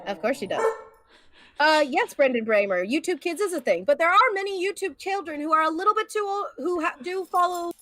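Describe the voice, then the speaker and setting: A woman's voice: very high voice, expressive, a little fast, noisy background. A woman co-hosting a livestream in casual chat, joking and often laughing. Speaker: co-host.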